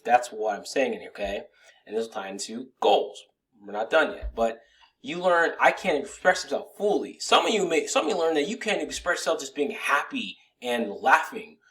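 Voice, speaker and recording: A man's voice: mid-range voice, a bit bright. Male coach, plain mid voice, loose rambling delivery with casual swearing. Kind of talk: casual motivational talk to camera.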